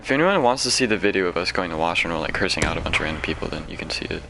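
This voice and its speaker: A male streamer talking through his gameplay, rambling and poking fun at himself. His voice sits low. The audio carries a clear hiss of noise. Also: animated, racing. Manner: rambling, chatty, self-deprecating. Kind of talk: casual gameplay commentary and storytelling.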